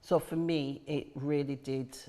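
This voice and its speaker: A woman's voice: sits low, fairly even intonation, unhurried, mellow. A woman, the chair of a charity, talking reflectively in a podcast conversation and repeating key phrases for emphasis.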